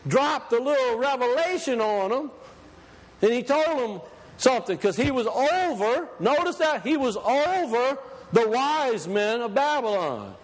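A man preaching a sermon, emphatic, reading scripture slowly and deliberately. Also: very high-pitched, big-room sound.

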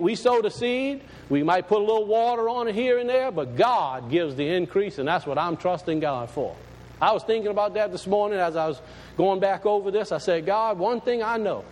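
High-pitched preaching pastor, folksy and emphatic. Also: male voice, darkish tone, long reverb tail, slight background noise, rough recording. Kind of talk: sermon.

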